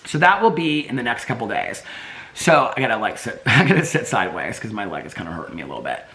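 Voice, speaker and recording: A man chats casually at home in a daily vlog, rambling from one thought to the next. His voice is bright and forward, and his pitch swings a lot. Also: sing-song, fast talker. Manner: chatty, rambling, baby-talks to his dogs. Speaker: vlogger. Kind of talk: casual chat.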